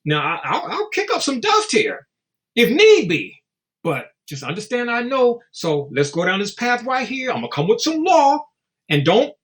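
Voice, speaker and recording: A man's voice: very high-pitched, wildly swooping pitch, normal speed, a bit bright. A man speaking as a guest in a casual interview, blunt and profane, telling stories and acting out quotes. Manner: storytelling with acted-out quotes.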